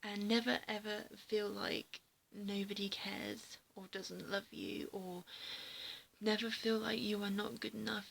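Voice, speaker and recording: Tearful woman with heavy vocal fry. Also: mid-range voice, little pitch movement, a bit bright, slight background noise, rough recording. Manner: halting, often breaking into a breathy half-whisper. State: tearful, emotional. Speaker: vlogger. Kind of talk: heartfelt personal vlog message. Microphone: handheld camera mic.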